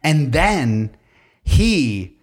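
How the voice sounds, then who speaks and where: A man's voice: a little high, very animated, extremely slow. A man co-hosting a casual chat, joking and acting out little voices as he tells stories. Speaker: podcast co-host.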